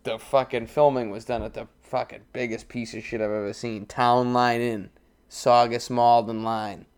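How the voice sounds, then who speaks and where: A cocky, profane man talking. He boasts and needles his co-host in loose podcast banter, his voice sitting at a plain middle pitch. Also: little pitch movement, moderate pace, smooth. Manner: brash, profane, swaggering. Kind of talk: crude casual podcast banter.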